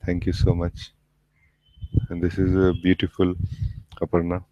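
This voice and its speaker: Soft-spoken man giving a spiritual talk. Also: low voice, completely flat delivery, no echo, highs cut off. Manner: slow, gentle, halting, with many pauses and fillers. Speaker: spiritual teacher. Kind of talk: satsang talk.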